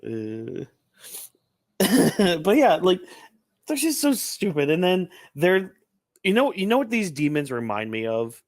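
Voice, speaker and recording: A man co-hosting a casual review podcast, swearing freely and mocking crowds with loud put-on voices. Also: high voice, slow pace, no room sound, studio quality. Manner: profane, animated, mocks crowds in shouted put-on voices. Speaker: podcast co-host.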